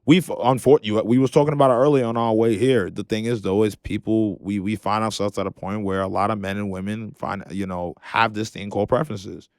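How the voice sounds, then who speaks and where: Thoughtful young man, low voice. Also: fairly even intonation, brisk, hardly any pauses, no echo, studio quality. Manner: thoughtful, explains at length, restarts. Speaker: podcast co-host. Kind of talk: casual discussion among friends.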